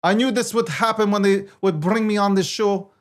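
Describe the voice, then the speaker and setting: A high-voiced man riffs through a casual crypto market livestream as its weekly co-host. He brags and jokes as he goes, halting and repeating his phrases while he reads through the numbers. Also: steady tone.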